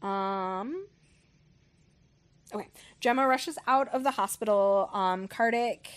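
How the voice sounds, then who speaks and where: A woman's voice: mid-range voice, slow pace, clean tone. A woman hosting a book club podcast, recapping a story in a rambling casual way, full of ums and likes and the odd casual swear.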